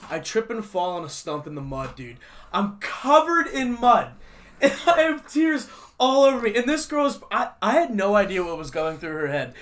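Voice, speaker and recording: A man's voice: high-pitched, very animated, normal speed, a bit bright. A young man hosting a casual podcast, telling rambling stories and laughing often. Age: young adult. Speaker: podcast host. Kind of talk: casual chat.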